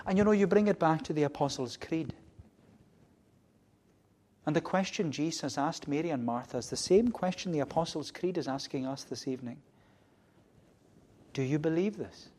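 A man preaching an evening sermon with a fairly high voice. He repeats his key phrases, dropping to a hush and then building to loud, emphatic declarations. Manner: repetitive, emphatic preaching with wide swings between soft and loud.

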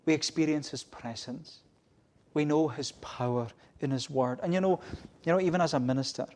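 Speaking at medium pitch, a man gives a sermon from a church pulpit. As a minister, he repeats refrains, sometimes crying out loudly and sometimes dropping to a hush.

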